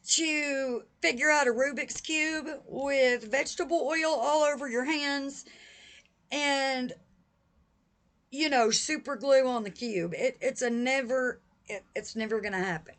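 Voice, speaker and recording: A woman with a voice pitched a little above the usual, speaking straight to her viewers in a vlog. She talks with emphatic, heated conviction and presses each point firmly. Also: slow pace, a bit bright. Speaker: vlogger. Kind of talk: direct-to-camera vlog talk.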